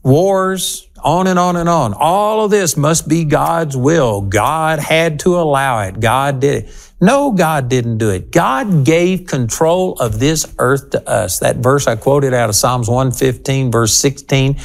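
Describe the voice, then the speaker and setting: Talking straight to his listeners, a man teaches the Bible on a broadcast program in an emphatic way, his voice rising sharply on key points. His voice is mid-range, animated and gravelly, and he speaks slowly.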